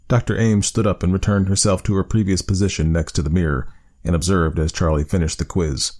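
A man narrating a story in a steady, measured audiobook style. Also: low voice.

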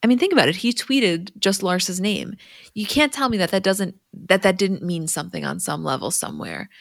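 A woman co-hosting a casual pop-culture podcast, chatty and quick to laugh. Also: mid-range voice, animated, gravelly, no echo, studio quality. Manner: chatty, laughs often, reads ads conversationally. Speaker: podcast co-host. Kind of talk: casual chat about reality TV.

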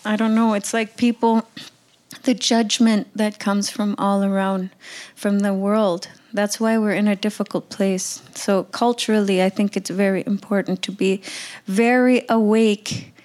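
A woman's voice: medium pitch, flat delivery, a little slow, a little mellow. Blunt, fervent young woman from the Arctic. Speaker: speaker sharing her views. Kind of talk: impassioned personal talk.

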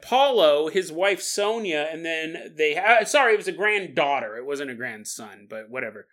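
A man's voice: fairly high pitch, lively intonation, moderate pace, fairly bright tone. A man hosting a podcast, telling a strange story in a casual, jokey way and laughing often. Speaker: podcast host.

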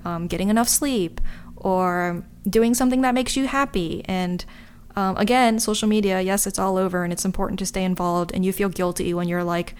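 A woman's voice: on the low side, clear, resonant tone. A woman talking candidly to her viewers in a casual, chatty way, wandering off into asides. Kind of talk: casual chat to camera.

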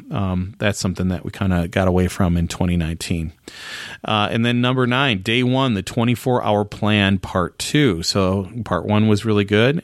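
Low-voiced man hosting a solo podcast. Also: no echo, studio quality. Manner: conversational, full of rhetorical questions. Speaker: podcast host.

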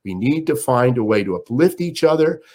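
An older man speaks as an interview guest, spinning anecdotes with real animation. His pitch leaps up when he acts out what others said. His voice sits at an ordinary middle pitch. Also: expressive, brisk, darkish tone. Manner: acts out quotes with sudden high pitch jumps. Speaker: interview guest, sports broadcaster. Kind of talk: animated storytelling.

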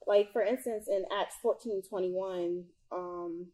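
A woman's voice: mid-range voice, steady tone, slow, dark tone, poor audio. A young adult woman giving a casual devotional talk to her viewers, full of "like" and "um" and repeating words for emphasis. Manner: heavy use of "like" and "um". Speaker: Christian speaker.

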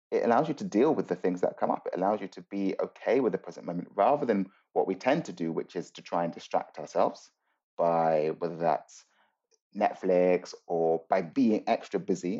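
A man speaks as a podcast guest, his voice low and mellow. He explains earnestly and thoughtfully, pausing and restarting as he works through ideas. The audio sounds slightly dull and muffled. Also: breathy edge. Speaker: guest, mindfulness teacher.

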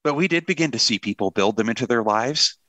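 A man's voice: mid-range voice, expressive, quick pace, a bit bright, dry recording. A middle-aged man, a pastor and author, talking earnestly in a conversational interview with a touch of self-deprecating humor.

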